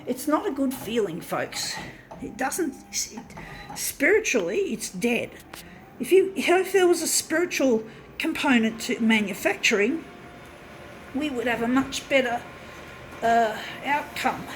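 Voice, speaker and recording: A woman's voice: fairly high pitch, expressive, unhurried, background noise. A woman vlogger ranting to her camera, swearing, sighing and exasperated, recorded on a camera mic indoors beside an office copier. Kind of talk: angry rant to camera. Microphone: camera mic, set down nearby.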